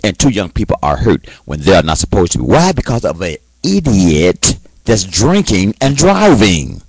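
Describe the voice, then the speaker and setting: A man's voice: low-pitched, huge pitch swings, moderate pace, husky, dry recording, rough recording. A man hosting his own live online show, talking angrily to his viewers with lots of stammered restarts and sudden outbursts. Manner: angry, repetitive, stammering restarts, shouting peaks. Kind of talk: impassioned solo monologue.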